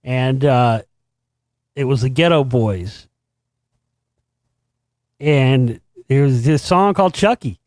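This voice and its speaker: A middle-aged man hosting a show, telling a story in a casual, profane, animated way and laughing as he goes. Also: medium pitch, takes it slowly, pauses often, dry recording, clean studio sound. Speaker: podcast host.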